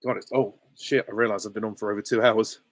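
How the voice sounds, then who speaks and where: A man's voice: fairly low pitch, flat delivery, fast talker, dry recording. A man hosting a live stream Q and A, chatty, giggly and self-deprecating, on a close desk mic. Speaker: channel host answering viewer questions.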